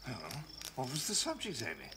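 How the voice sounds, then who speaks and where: An actor playing a pompous, smug English gentleman with a plummy, affected, superior way of talking. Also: medium pitch, huge pitch swings, brisk, noisy background. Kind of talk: 1980s TV sitcom acting.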